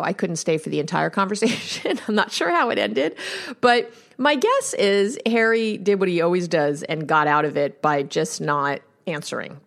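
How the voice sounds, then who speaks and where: A woman's voice: lowish voice, creaky. A woman hosting a podcast as a counselor, talking casually and telling stories with conversational asides. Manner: chatty storytelling, conversational asides.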